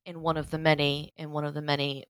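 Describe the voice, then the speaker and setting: Low-voiced halting woman. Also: flat delivery, clear, resonant tone. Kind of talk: casual chat.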